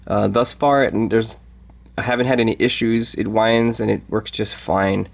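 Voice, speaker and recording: A man casually reviewing a watch in a vlog. He talks in an easygoing, halting way with many fillers. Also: on the low side, steady tone, gravelly.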